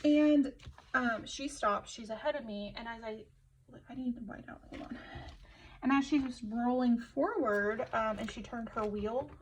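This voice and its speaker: A woman's voice: a little high, a little slow, slight background noise, poor audio. A young woman casually chatting and telling a rambling story while decorating her planner at home, full of fillers and self-interruptions. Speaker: planner vlogger.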